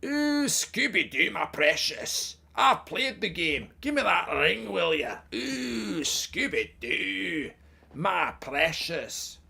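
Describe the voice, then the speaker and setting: Man putting on a high, hissing, grasping cave creature, slow crooning. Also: sing-song, vocal fry, bright, forceful tone, breathy edge, full character voice.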